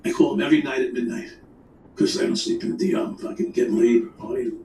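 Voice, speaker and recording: A man's voice: medium pitch, huge pitch swings, fast, reverberant, far from the mic, background noise. A man telling a rambling, profane crime story in casual chat, full of restarts and quoted dialogue. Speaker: storyteller guest.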